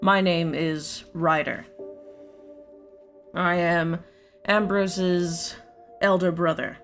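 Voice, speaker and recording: Woman doing a stern elf captain, curt and weary, lowish voice. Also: little pitch movement, drawn-out words, a bit bright, faint music behind, heavily acted. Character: grim, stern male elf guard captain.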